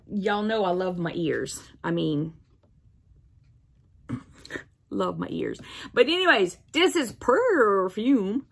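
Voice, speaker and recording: A woman's voice: fairly high pitch, vocal fry, a bit bright, breathy edge. A woman hosting a casual unboxing video, cooing playfully at her cat and laughing often. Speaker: vlog host.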